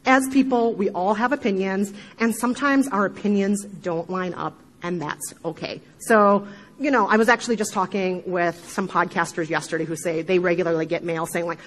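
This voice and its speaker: Lively Midwestern woman giving a talk. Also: on the low side, moderate pace, rough recording. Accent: Midwestern American. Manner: animated, laughs often, emphatic asides. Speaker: podcast speaker giving a talk. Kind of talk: conference talk to a live audience.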